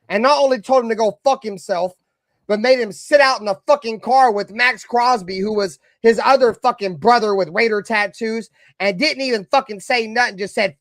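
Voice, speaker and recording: A high-voiced man rants like a heated sports fan, cursing constantly and lurching from loud bursts to low mutters. His voice sounds close and dry, with no room around it. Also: moderate pace, dry recording. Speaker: live stream host. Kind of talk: profane fan rant.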